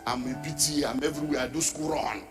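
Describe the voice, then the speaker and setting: A man's voice: on the high side, steady tone, fast talker, big-room sound, music in the background. A middle-aged Nigerian man preaching a sermon as pastor, emphatic, dropping into pidgin asides and mimicking the people he talks about.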